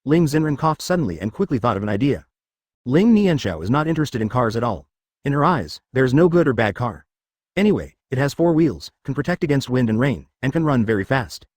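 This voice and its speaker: A man narrating a web novel in an even, matter-of-fact way. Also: medium pitch, fairly quick, dry recording, clean studio sound. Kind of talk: web novel read-aloud.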